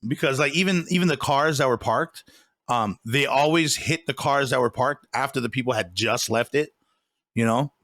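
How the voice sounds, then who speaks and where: A man in a relaxed movie-review chat, voice of middle height, retelling scenes in a loose, rambling way and breaking into laughs. The sound is dry and close, with no room around it. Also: mid-range voice, normal speed, no room sound. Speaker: podcast co-host.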